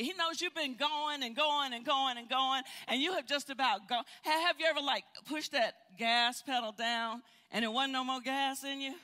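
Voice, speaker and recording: An older woman teaching a Bible study, telling stories in an animated way and often repeating words. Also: high-pitched. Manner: animated, storytelling with frequent repeats. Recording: hall reverb.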